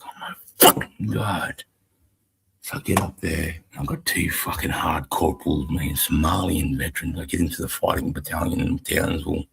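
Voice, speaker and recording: With a rumbling low, gravelly voice, this Australian man in his forties tells profane war stories from his army days as a stream co-host. He talks a little fast with a steady tone and few pauses, blunt and rambling, over a noisy background.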